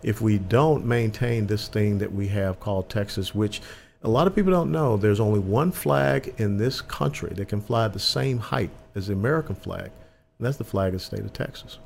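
Older veteran guest, low and gravelly, earnest with emphasis. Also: male voice, moderate pace, darkish tone, a little hiss or hum. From Atlanta, Georgia, US. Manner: earnest, emphatic, repeats words when starting. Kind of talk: conversational interview.

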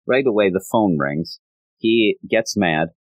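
A man's voice: on the low side, lively intonation, unhurried, slightly rough, no echo. A man casually recapping a cartoon episode, rambling along and chuckling as he retells it. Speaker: anime recapper.

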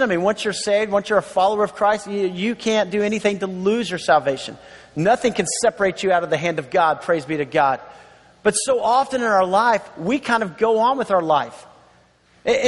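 High-voiced pastor preaching in a reverberant hall. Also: male voice. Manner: conversational, repeats key words for emphasis, chuckles often. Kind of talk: sermon. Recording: long reverb of a large hall.

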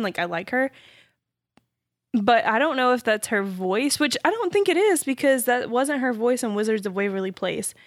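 A woman's voice: on the high side, no room sound, studio quality. A woman co-hosting a podcast, chatting casually and often murmuring agreement. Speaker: podcast co-host. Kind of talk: casual chat.

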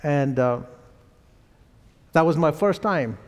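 Indian-accented male pastor, higher-pitched, lively sermon delivery, church reverb. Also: takes it slowly. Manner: animated storytelling with chuckles. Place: church sanctuary.

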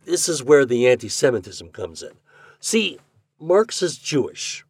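A man hosting a podcast, reading classic fiction aloud in a measured, expressive way. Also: medium pitch, husky, no echo. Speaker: podcast host and reader.

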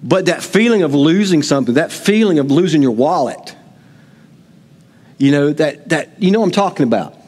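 A man's voice: on the high side, expressive, moderate pace, darkish tone, slightly rough. A middle-aged man, preaching a sermon and telling family stories to his congregation in a folksy way. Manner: folksy storytelling, talks to the congregation. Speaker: pastor. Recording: long hall reverb.

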